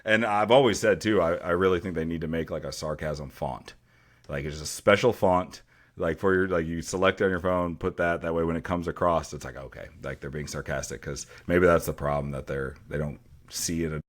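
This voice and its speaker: A man with a deep voice, a teacher co-hosting a casual podcast chat and telling stories with dry sarcasm. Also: a little fast. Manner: dry sarcastic humor, storytelling with acted quotes.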